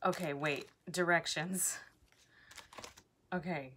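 Low-voiced, slow-talking nervous woman vlogger. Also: a bit bright, slight background noise. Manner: nervous, exclaiming and giggling. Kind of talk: casual vlog, reading product instructions aloud. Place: at home.

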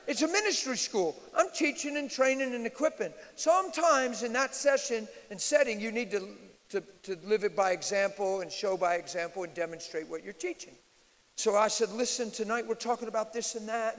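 A male preacher teaching at a live church Q&A, swinging from loud declarations to quiet asides. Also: a little fast. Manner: emphatic, shifts from loud declarations to low asides. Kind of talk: sermon-style Q&A teaching. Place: large church hall, live audience. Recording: reverberant hall.

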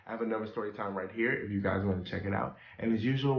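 A young man vlogging, telling a story with animated, exasperated delivery. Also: on the low side, fast talker, gravelly, hardly any pauses, soft background music. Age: young adult. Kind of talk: storytime vlog. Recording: roomy echo.

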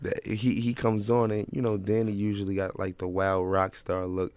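A young man talking as a guest in a casual interview, relaxed and full of slang, laughing as he tells stories. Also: on the low side, moderate pace, clean tone, no echo. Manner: laid-back slang, laughs through stories. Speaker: guest rapper.

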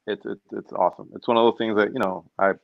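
A man's voice: on the low side, fast talker, creaky, no echo, muffled recording. A man guest in a casual interview, telling stories and acting out what people say. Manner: animated storyteller, acts out quotes. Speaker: stunt performer guest.

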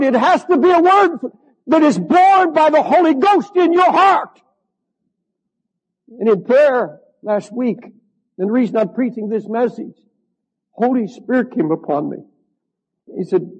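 An older man preaching a sermon, fervent and slow, stretching his words and rising to shouts at the high points. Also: lively intonation, breathy edge, highs cut off. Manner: slow, drawn-out emphasis. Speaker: pastor.

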